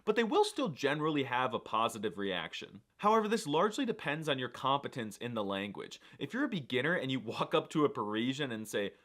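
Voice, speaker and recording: A man's voice: medium pitch, sing-song, fairly quick, hardly any pauses, a bit bright. A man reading scripted comedic narration for a language review, with sarcastic jokes and asides. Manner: dry jokey delivery with sarcastic asides.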